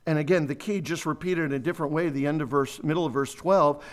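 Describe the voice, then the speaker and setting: High-voiced man preaching. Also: smooth. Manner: animated Bible teaching, verse by verse. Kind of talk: sermon.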